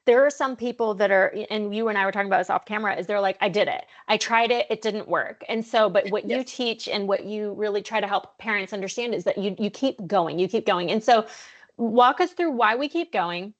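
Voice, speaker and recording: Brief: woman podcast host, mid pitch, chatty, loosely planned questions. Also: a little fast, muffled recording. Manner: chatty, thinking aloud with restarts and questions. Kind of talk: podcast interview.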